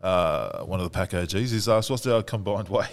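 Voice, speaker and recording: A man's voice: low-pitched, expressive, moderate pace. A man co-hosting a podcast with mates, reading out listener questions between dry, brief quips. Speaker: podcast co-host. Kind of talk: casual banter.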